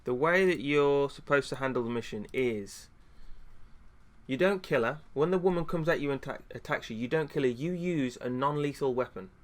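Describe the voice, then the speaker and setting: A man's voice: mid-range voice, moderate pace. A man streaming, chatting casually in a frustrated rant with lots of fillers and restarts. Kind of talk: casual chat.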